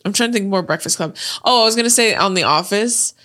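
A woman's voice: mid-range voice, quick pace, sharp tone. A young woman co-hosting a podcast, telling cartoon scenes with lots of giggling and quoting lines in character voices. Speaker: podcast co-host. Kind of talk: casual chat.

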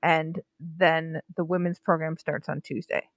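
A woman co-hosting a casual sports talk show, fired up and indignant. She stumbles and restarts as she talks. Her voice sits a little low and sounds close and dry. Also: unhurried, no echo. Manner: animated, indignant commentary with restarts. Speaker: podcast co-host. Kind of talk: casual chat about Olympic news.

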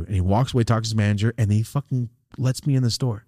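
A man's voice: lowish voice, fast, dry recording, studio quality. A man casually telling a rambling, profane story as a podcast host, acting out the quotes. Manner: profane, rambling, animated retelling with acted-out quotes.

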